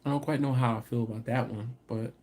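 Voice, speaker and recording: Animated man ranting on a live stream. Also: medium pitch, fast talker. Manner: animated and laughing, rising into exasperated rants. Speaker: barbecue channel host. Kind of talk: casual live-stream chat, reading viewer comments.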